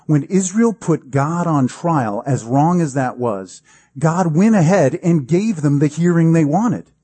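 A man's voice: on the high side, expressive, measured pace, dark tone, husky, dry recording. A pastor preaching a sermon in a conversational, emphatic way, acting out the quotes he gives.

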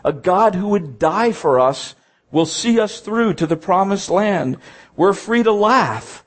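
A man's voice: sits high, expressive, slow pace. A man preaching a sermon, reading scripture aloud and stressing points by repeating them.

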